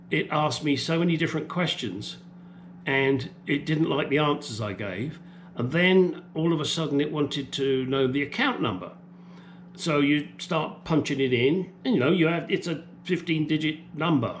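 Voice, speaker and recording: A man's voice: on the high side, slight background noise. A man from the UK delivering an angry, profane opinion rant as a vlogger.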